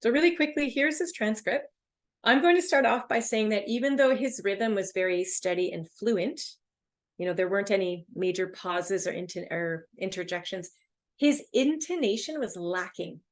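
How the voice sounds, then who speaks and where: Lively woman instructor with a creaky edge. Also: medium pitch, normal speed. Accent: Canadian. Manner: lively, rising and falling intonation. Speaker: English test instructor. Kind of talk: webinar teaching.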